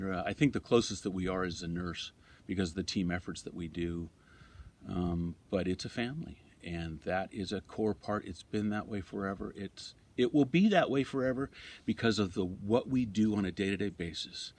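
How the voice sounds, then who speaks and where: An older man, a retired fire captain, telling lively anecdotes in an interview and then speaking quietly and reflectively. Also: deep voice. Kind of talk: interview storytelling.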